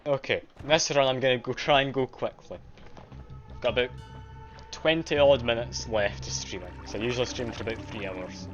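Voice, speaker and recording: A man's voice: mid-range voice, normal speed, a bit bright, dull audio, faint music behind. A man from Scotland with a mild Scottish accent, chatting casually and self-deprecatingly with viewers while streaming a game. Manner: self-deprecating, chatty, reads and answers chat. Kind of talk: casual live-stream chat while playing.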